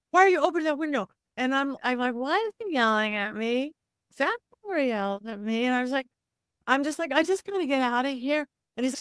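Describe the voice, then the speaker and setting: A middle-aged woman with a fairly high voice tells a long, animated story as a guest. Her pitch jumps around as she acts out the people in it. The sound is dry and close. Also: clear, resonant tone, no room sound. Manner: acts out voices in quotes, lively swings of pitch. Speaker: psychic medium guest.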